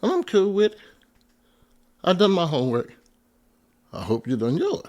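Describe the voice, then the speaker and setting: A middle-aged pastor tells stories in a lively, high voice that swings widely in pitch. He laughs often and breaks into loud, excited bursts. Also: moderate pace, muffled recording. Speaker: pastor and podcast guest. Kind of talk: animated storytelling in casual conversation.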